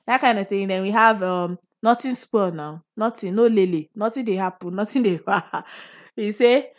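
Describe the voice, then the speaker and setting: A young Nigerian woman talks freely in a relaxed solo chat. She laughs often and drops into pidgin phrases. Her voice sits at an ordinary middle pitch. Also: moderate pace. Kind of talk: casual solo talk.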